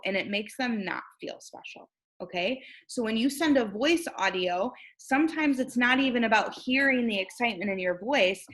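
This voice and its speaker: A woman's voice: on the high side, moderate pace, a bit bright, poor audio. Bubbly chatty young woman coaching. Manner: bubbly, chatty, acts out sample messages with lots of "like" and "right?". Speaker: network marketing recruiter and trainer. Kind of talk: casual coaching talk.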